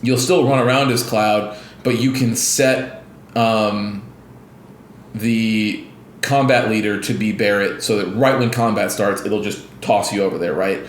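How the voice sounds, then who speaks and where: A man's voice: on the low side, steady tone, measured pace, echoey room, slight background noise. A man co-hosting a casual gaming podcast, rambling with lots of restarts and fillers and acting out scenes as he retells them. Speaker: podcast co-host.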